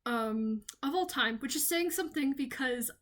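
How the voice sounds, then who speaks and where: A woman's voice: sits high, animated, normal speed, a bit bright. A young woman from the Southern US, talking off the cuff in a rambling, enthusiastic video essay full of ums and restarts. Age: young adult. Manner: enthusiastic, gushing. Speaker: video creator.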